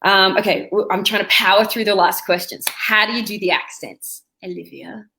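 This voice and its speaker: A woman's voice: mid-range voice, moderate pace, vocal fry, sharp tone, slight background noise. A woman, the director, hosting a live Q&A, reading audience questions aloud and answering them. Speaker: director and host.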